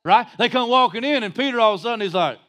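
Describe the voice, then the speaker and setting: Male pastor, high-pitched, folksy and joking, rising to shouts mid-sermon. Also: lively intonation, very fast.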